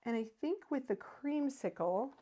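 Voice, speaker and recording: A woman's voice: high voice, expressive, measured pace, dark tone. A woman in her thirties hosting a card-making livestream, chatting casually and answering viewer comments as she works. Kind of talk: casual crafting demo with viewer chat.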